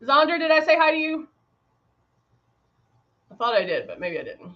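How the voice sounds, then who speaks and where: A woman's voice: high-pitched, sing-song, moderate pace, highs cut off. A woman casually demonstrating airbrush makeup on a livestream, greeting viewers by name while she works. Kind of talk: casual live makeup demo chatting with viewers.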